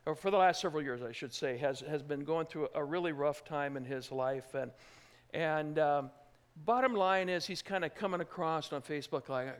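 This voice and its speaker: Man, high pitch, pastor, sermon, gentle then emphatic preaching. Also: big pitch swings, moderate pace. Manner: shifts from hushed, gentle reassurance to loud, emphatic preaching.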